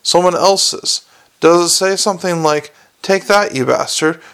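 A man's voice: high-pitched, fairly bright tone, smooth, pitched above the performer's own voice. A man voicing a weary, impatient police commander. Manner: brisk, dry and impatient. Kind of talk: audiobook character reading.

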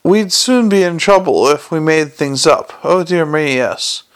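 A man's voice: a little high, lively intonation, a little slow, clean tone. A man plays a fussy, cheerful little old herald who twitters along eagerly. His voice is lifted above a plain man's register.

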